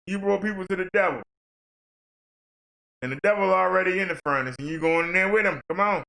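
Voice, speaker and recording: A man's voice: high voice, brisk, vocal fry, bright, forceful tone, heavily acted, low-quality recording. A man doing a stern, scolding Jesus. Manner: blunt, scolding commands. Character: stern male Jesus judging sinners.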